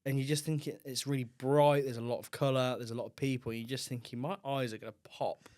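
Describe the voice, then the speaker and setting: A man's voice: mid-range voice, level tone, fast talker, darkish tone. A man co-hosting a casual podcast. He tells wry, petty complaints in an offhand way and swears freely. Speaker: podcast co-host. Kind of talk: casual chat.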